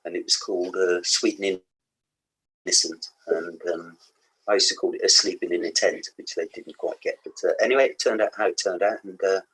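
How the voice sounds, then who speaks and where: Husky-voiced Black Country man telling stories. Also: sits low, steady tone, fairly quick, a bit bright, low-quality recording. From England. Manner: rambling anecdotes with laughs and asides. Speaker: guest musician. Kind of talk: casual podcast interview.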